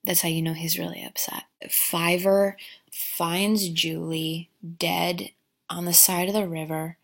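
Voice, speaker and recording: A woman's voice: on the low side, little pitch movement, slow pace, gravelly. A woman giving a crude, sarcastic comedic recap of a movie, rambling with asides.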